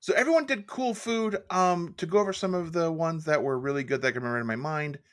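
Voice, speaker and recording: A man's voice: on the high side, fast talker. A young man co-hosting a podcast in casual, jokey chat. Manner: jokey, animated, slips into put-on British voices. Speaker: podcast co-host.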